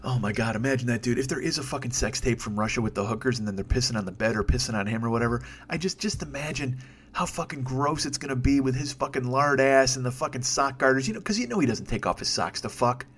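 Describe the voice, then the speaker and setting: Male solo podcaster, rapid-fire rant, sarcastic, foul-mouthed, rambling. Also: mid-range voice, a bit bright, slight background noise. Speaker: podcast host. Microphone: desk microphone.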